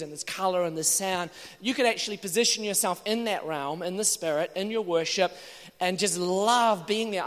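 A man preaching a sermon, telling stories in an animated way with playful asides. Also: sits high. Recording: long hall reverb.

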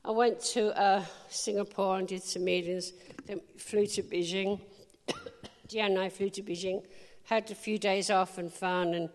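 A woman preacher telling a lively story in a sermon, laughing often and asking the crowd questions. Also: mid-range voice, a little slow. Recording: long hall reverb.

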